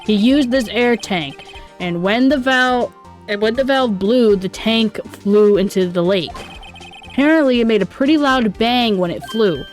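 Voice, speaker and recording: A woman voicing an earnest young male lawyer in a slightly lowered, steady reading voice. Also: unhurried, faint music behind, natural voice.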